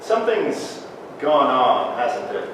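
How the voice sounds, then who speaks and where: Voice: medium pitch, big pitch swings. An actor playing a patient, probing police officer. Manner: measured, probing questions. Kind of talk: live stage drama. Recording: echoey hall, distant mic, faint noise.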